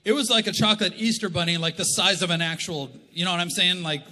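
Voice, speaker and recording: Middle-aged Canadian pastor, comic storyteller, bright and slightly high voice, live in a reverberant church hall. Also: male voice, quick pace. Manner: animated, jokey, acts out quotes. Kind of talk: humorous sermon storytelling.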